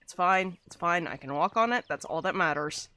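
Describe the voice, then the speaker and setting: Chatty streamer, swooping animated delivery, mid-pitched, laughs a lot, gaming chat at a desk mic. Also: moderate pace. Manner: chatty and rambling, laughs often. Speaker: VTuber streamer.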